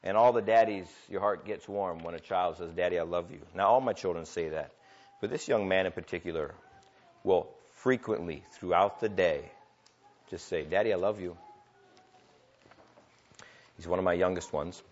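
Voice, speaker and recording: A man's voice: sits low, moderate pace. Impassioned male preacher, lo-fi recording. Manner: impassioned, swings from loud emphatic preaching to quiet intimate asides. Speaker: pastor. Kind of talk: sermon. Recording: dull lo-fi church recording.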